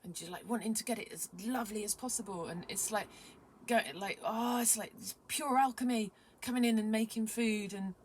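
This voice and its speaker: A young adult woman vlogging casually, rambling excitedly with many fillers and sometimes dropping to a whisper. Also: on the high side, brisk, a little hiss or hum. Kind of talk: casual vlog chat.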